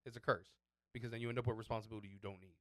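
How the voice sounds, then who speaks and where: A man's voice: on the low side, fairly even intonation, racing. A man co-hosting a podcast, telling loose, profane work stories full of slang in casual chat. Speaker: podcast co-host.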